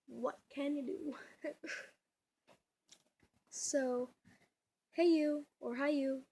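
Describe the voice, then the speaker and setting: A young woman chats into her camera at home, rambling through fillers and little laughs. Her voice is slightly high and breathy, and she admits it sounds a little off today. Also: dark tone. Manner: chatty, giggly, rambling with many fillers. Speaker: vlogger. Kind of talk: casual home vlog. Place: at home indoors. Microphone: camera mic.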